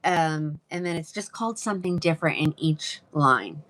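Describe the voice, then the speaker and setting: A woman's voice: low-pitched, lively intonation, normal speed, fairly bright tone. A woman hosting a live wig sale, chatting casually and greeting viewers by name. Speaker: live-selling wig seller. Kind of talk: casual livestream sales chat.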